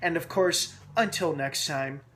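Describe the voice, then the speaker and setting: A man's voice: a little high, measured pace, bright, forceful tone, a little hiss or hum. A young man hosting a casual TV episode recap vlog. He rambles with a lot of "uh" fillers and restarts, and he asks himself questions aloud as he speculates. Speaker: TV episode reviewer and channel host.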